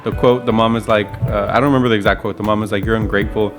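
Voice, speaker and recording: Man, lowish voice, laid-back, casual podcast chat. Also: steady tone, rapid-fire, faint music behind. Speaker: podcast co-host. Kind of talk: casual movie recap chat.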